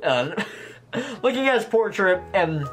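A man's voice: high voice, sing-song, slow, a bit bright, faint music behind. A man with a slight lisp giving rambling, self-deprecating commentary while he plays a game. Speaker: gameplay commentator. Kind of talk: casual let's-play commentary.

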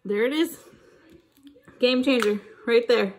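A woman vlogging about her shopping finds, chatting casually to camera and gushing with excitement over each item. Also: on the high side, slow pace, slight background noise.

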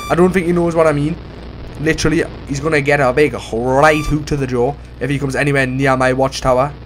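A man doing casual let's play commentary on a horror game, excitable and bursting into shouts. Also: on the high side, brisk, slight background noise. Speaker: gaming YouTuber.

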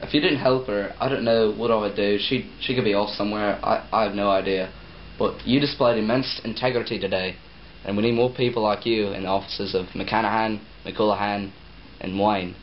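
A man's voice: on the low side, steady tone, a little fast, hardly any pauses, close to an everyday voice. A young man playing an earnest company boss who thanks an employee, stumbling over his lines, recorded in an echoey, noisy, lo-fi room. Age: young adult. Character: grateful male company boss, earnest and fumbling. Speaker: student actor. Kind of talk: amateur class-project acting with outtakes.

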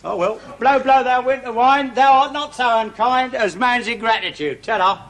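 An actor playing a boastful, nosy busybody in a TV sketch comedy. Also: male voice, extremely high pitch, moderate pace, a bit bright, slight background noise. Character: cocky working-class male busybody, self-praising.

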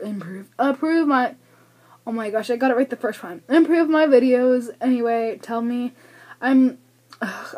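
A young American woman rambles through a book haul vlog in a somewhat high, darkish voice. She's chatty and self-deprecating, a little out of breath, and her camera's built-in mic does the recording.

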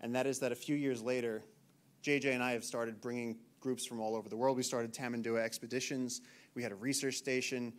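A man in his thirties from the United States, a naturalist giving an animated storytelling talk to an audience in a lecture hall. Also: mid-range voice, brisk. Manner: animated, acts out shouted quotes.

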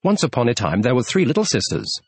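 A man narrating a classic children's book in an expressive storytelling manner. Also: mid-range voice, fast talker, breathy edge, dry recording, soft background music. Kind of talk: audiobook reading of a classic.

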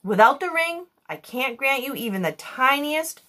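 A woman's voice: high voice, sing-song, normal speed, pushed and bright, full character voice. A woman reading aloud, voicing a small, tearful male genie who laments in grand, flowery phrases. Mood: dramatic lament. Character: small weepy male blue genie, theatrical.

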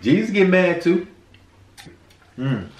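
A man with a Southern US accent, chatting casually and playfully on a couple's eating show, telling stories with loud bursts. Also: high voice, takes it slowly, far from the mic. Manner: animated storyteller, playful, rising to loud bursts. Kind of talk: casual chat while eating. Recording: roomy sound from a mic set back, faint noise.

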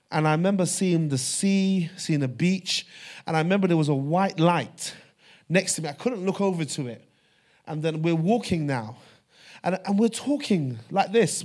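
Fervent male preacher, slightly high voice. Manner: fervent storytelling, swings from hushed to loud. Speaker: pastor. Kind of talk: sermon.

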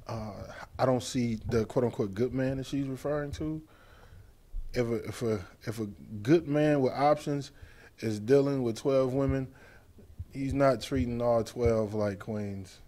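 A man chatting casually about relationships on a talk show, animated and teasing. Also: mid-range voice, measured pace.

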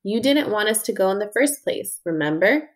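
A woman's voice: mid-range voice, lively intonation, moderate pace, close to an everyday voice. A woman reading as a weary, firm mother who keeps her voice level while she scolds. She sounds stern and controlled, close to an everyday voice. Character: worried, firm mother of two.

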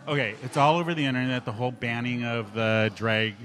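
A man's voice: mid-range voice, brisk, crowd noise. Chatty man hosting a live podcast. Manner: chatty, laughing, steering the conversation. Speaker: podcast host. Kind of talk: casual live podcast chat. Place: bar at a live event.

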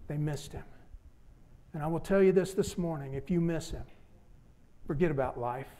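A male pastor preaching a sermon in church, with repeated emphatic appeals that fall low and soft at the ends of phrases. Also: moderate pace. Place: church sanctuary.

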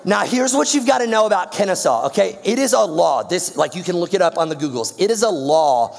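High gravelly youth speaker. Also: male voice, animated, brisk, long reverb tail. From Georgia, US. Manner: slangy, playful, addresses audience. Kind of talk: storytelling youth sermon.

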